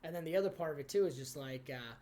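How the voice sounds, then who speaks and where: A man's voice: fairly high pitch, quick pace, a little mellow. A young man, a stand-up comic guesting on a podcast, rambling casually with lots of fillers. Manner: rambling, filler-heavy, lots of "like" and "you know".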